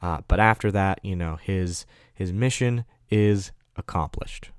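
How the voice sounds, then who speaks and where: Man, low voice, dry close sound, casual film review, rambling, lots of fillers. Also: measured pace, clean tone, no echo. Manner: rambling, filler-heavy, self-correcting.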